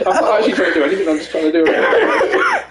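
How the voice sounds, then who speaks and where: A woman's voice: lowish voice, wildly swooping pitch, fast talker, reverberant, heavy background noise. A woman chatting casually while playing a game, dry and salty. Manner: dry, swears freely. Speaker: game player.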